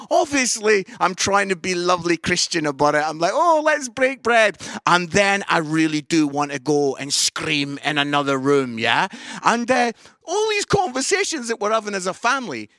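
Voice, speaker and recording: Lively high-voiced Scottish man telling stories. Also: no room sound, studio quality. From Scotland. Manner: animated storytelling with jokes and voices. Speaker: Christian comedian and preacher. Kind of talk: comic Easter talk and Bible reading. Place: at home.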